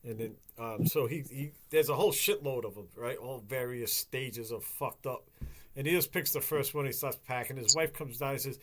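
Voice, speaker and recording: Male podcast host, casual, profane, animated storyteller, ordinary pitch. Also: normal speed. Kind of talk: casual chat.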